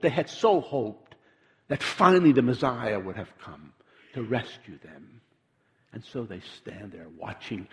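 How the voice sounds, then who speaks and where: Man preaching slow, gravelly voice, lots of stammery restarts, big echoey church sound. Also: mid-range voice. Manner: unhurried, with frequent stammered restarts. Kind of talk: sermon.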